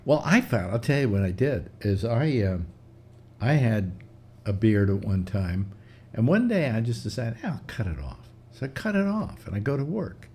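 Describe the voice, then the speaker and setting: An older man hosting a casual chat show, telling stories in a chatty, animated way. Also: mid-range voice, moderate pace, husky. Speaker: host.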